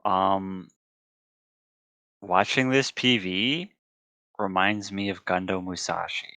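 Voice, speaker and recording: Deep, slow male co-host, dry and hesitant, bright tone. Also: fairly even intonation, no room sound. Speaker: podcast co-host. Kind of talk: casual podcast chat.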